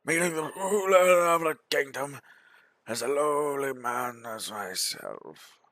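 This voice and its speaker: A man's voice: a little high, slow, fairly bright tone, no room sound, pitched above the performer's own voice. A man voicing a nervous, grateful old peasant who thanks a ruler in a game.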